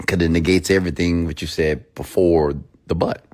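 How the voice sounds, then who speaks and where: A man's voice: deep voice, moderate pace. A man in his thirties giving a motivational talk, telling a personal story and acting out the people in it. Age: 30s. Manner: animated, acts out both sides of a story. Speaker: motivational speaker.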